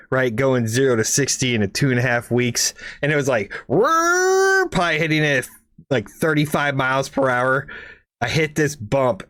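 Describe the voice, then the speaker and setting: A man's voice: medium pitch, dry recording, clean studio sound. Rambling, profane man telling a story. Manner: rambling, profane, lots of "right?" asides; animated, makes engine noises and sound effects. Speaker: podcast co-host. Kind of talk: casual storytelling chat.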